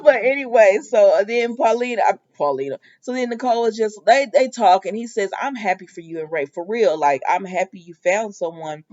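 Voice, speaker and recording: A woman casually retelling a soap episode, acting out the characters' lines with lively asides. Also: mid-range voice, fast talker, few pauses, dull audio. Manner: animated storytelling, acts out dialogue, frequent laughs. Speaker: soap opera recap vlogger.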